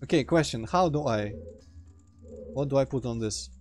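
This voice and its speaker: A man with a Russian accent chats loosely while he plays, his voice sitting at an ordinary middle pitch. He trails off mid-sentence and breaks into sudden exclamations at the game, over a faint bed of music. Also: moderate pace. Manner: rambling, self-interrupting, reacts loudly to the game. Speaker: let's play host. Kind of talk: casual gameplay commentary.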